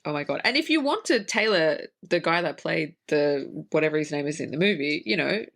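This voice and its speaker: An Australian woman co-hosting a podcast, reviewing a movie in casual chat, animated and swearing freely. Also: deep voice, brisk. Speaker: podcast co-host.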